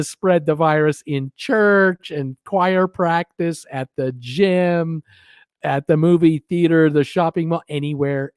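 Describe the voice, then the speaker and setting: A man's voice: a little high, a little slow, smooth, no room sound, studio quality. A man hosting a live cruise news show, rambling with many fillers and restarts and dropping sardonic asides. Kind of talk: live-stream news commentary.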